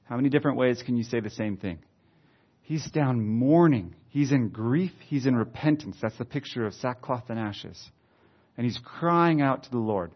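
A man preaching, reading scripture aloud slowly and then adding conversational comments. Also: mid-range voice. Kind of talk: expository Bible teaching. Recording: slightly dull lo-fi sound.

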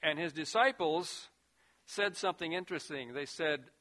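A man preaching a sermon, earnest, rising to loud emphasis and dropping to a hushed voice. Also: fairly high pitch, normal speed. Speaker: pastor.

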